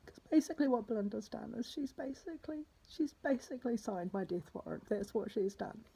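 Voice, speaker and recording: A woman's voice: fairly high pitch, brisk, mellow, poor audio. A distraught woman talking through a personal spoken diary, rambling and swearing, often dropping into a whisper. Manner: drops to a husky whisper.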